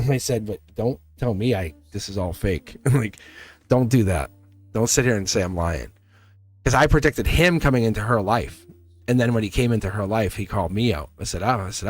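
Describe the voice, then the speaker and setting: A man hosting a live tarot stream, reading cards and telling a story in a chatty, animated way, laughing often and repeating himself. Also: fairly low pitch, slightly rough. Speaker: tarot reader and livestream host.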